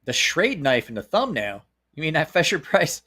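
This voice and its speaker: A man's voice: a little high, sing-song, moderate pace, bright, forceful tone, husky. A man with a Southern American accent hosting a casual knife chat, blunt and opinionated, swearing freely, with lots of stops and restarts. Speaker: knife channel host. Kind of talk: casual live-stream chat.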